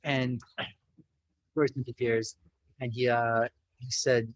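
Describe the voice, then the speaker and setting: A podcast guest from the United States, mid-range and fairly even in tone, tells an animated, casual story at an unhurried pace with frequent pauses. The recording is dry and rough. He acts out quotes, sprinkles in "like" and "you know," and uses Yiddish and Hebrew religious terms.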